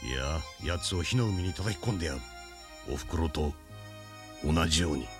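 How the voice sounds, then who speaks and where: An actor playing a grim, vengeful assassin in anime dialogue, speaking in a low, terse, menacing way. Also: male voice, expressive, quick pace. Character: grim vengeful male assassin, middle-aged. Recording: loud music under the dialogue.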